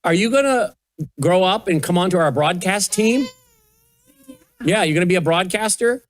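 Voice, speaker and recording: An older man, the host, gently coaxing and baby-talking with a small child at a studio news desk. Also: sits high, animated, normal speed, no room sound. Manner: soft coaxing baby talk. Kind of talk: casual chat with a toddler on air.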